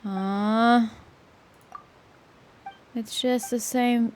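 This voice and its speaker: A woman's voice: mid-range voice, expressive, brisk, a little hiss or hum. A young woman streaming a game, making sarcastic, grumbling asides as she plays. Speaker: gaming streamer. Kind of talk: let's play commentary.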